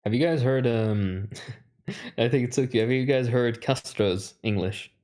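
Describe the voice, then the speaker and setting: A man in casual podcast chat, telling stories in a relaxed way with fillers. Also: medium pitch, measured pace.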